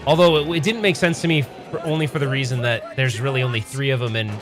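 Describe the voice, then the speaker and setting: A man with a middle-pitched voice hosts a pinball livestream in a casual, rambling way. He keeps restarting his sentences and talking straight to his chat, with faint music behind him. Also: fast talker. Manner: rambling, self-correcting, chatty with chat. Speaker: pinball streamer host.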